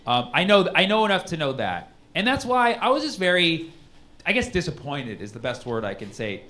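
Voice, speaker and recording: A man's voice: on the high side, big pitch swings, a little fast, sharp tone. A man doing a stand-up comedy set in a rambling, ironic way, full of "like" and "you know", recorded live on a comedy club stage with audience noise.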